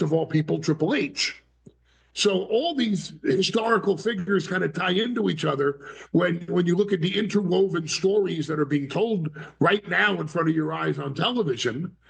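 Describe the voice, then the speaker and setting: A man's voice: high voice, gravelly, poor audio. A middle-aged man talking as an interview guest, theatrical and dramatic, with acted voices in his stories. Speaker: wrestling personality, guest. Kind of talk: animated interview talk.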